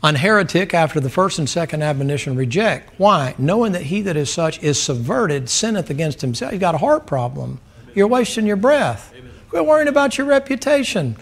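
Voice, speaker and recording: Animated folksy preacher man, drawl. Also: on the high side, fairly quick. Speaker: pastor. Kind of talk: sermon.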